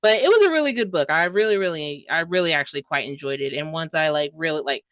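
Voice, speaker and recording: A woman's voice: low voice, expressive, quick pace, a bit bright, no echo. A young woman giving a casual, dramatic book review, full of fillers and rambling asides. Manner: gushing, dramatic, heavy filler "like".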